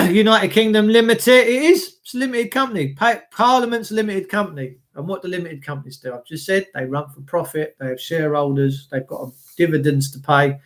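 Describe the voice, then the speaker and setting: A middle-aged man with a notably high voice for a man talks straight to his viewers in a loose, blunt rant. He swears freely and doubles back over his own words as he goes. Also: fairly quick, hardly any pauses, fairly bright tone. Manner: blunt, heavy swearing, repeats himself. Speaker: livestream host reading chat. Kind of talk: casual ranting monologue.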